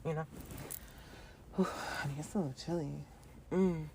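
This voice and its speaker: A woman's voice: low-pitched, fairly even intonation, normal speed, darkish tone, slight background noise. A woman hosting her own podcast in a playful, rhythmic solo monologue, with casual slang and frequent laughter. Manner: casual, conversational phrasing with slang. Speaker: podcast host.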